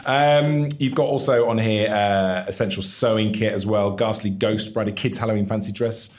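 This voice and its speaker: A man's voice: lowish voice, fairly even intonation, moderate pace, darkish tone. A man hosting a casual chat, reading out items and dryly teasing his guest. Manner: dry, teasing, reads out items. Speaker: host.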